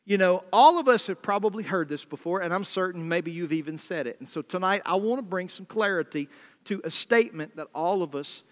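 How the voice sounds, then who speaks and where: A pastor from the American South with a Southern American accent, giving an evening sermon in a conversational preaching style and reading scripture aloud. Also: male voice, sits high, lively intonation, fairly quick, big-room sound.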